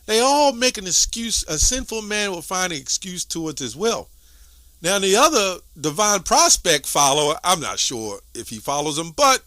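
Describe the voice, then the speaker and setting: Man, Bible teacher, conversational scripture commentary; bright, slightly high voice, dry close recording. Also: no echo. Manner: conversational, tags lines with "right?"; clears throat often.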